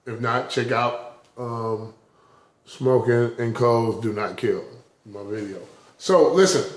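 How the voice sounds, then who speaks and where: Openly emotional, a man laughs and tears up during a casual spoken vlog, rambling and stuttering through restarts that repeat words. His voice is mid-range, and the room is echoey.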